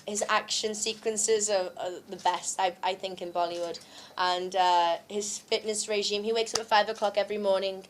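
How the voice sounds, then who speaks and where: A woman's voice: mid-range voice, slight background noise. A young woman from the UK, an actress answering press questions at a launch, a little unwell from travel, chatty with many fillers and frequent laughs. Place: press event.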